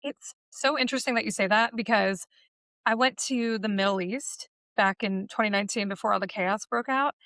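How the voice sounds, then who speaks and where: A woman's voice: medium pitch, normal speed, a bit bright, dry recording, clean studio sound. A woman talking as a podcast guest in casual conversation, chatty and telling stories. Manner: chatty, storytelling, quotes people in voices. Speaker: podcast guest, automotive media personality.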